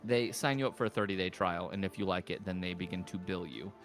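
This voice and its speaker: A man narrating as game master of a tabletop game, easygoing and quick to laugh. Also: low-pitched, soft background music.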